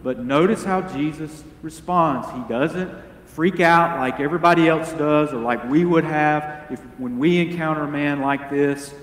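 A man preaching a sermon as pastor, earnest and deliberate, asking the congregation rhetorical questions. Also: fairly high pitch, echoey room, long reverb tail. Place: church sanctuary.

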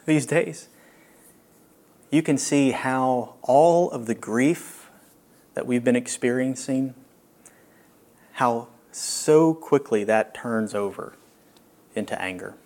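Slow, earnest male pastor. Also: mid-range voice, darkish tone. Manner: earnest, reflective, with long pauses. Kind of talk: sermon.

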